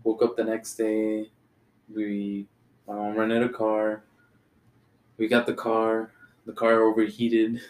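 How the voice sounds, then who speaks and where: A man's voice: on the low side, completely flat delivery, slow, pauses often. A young man from Texas in casual chat as a podcast co-host, laid-back and swearing freely. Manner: laid-back, swears a lot, says "dude".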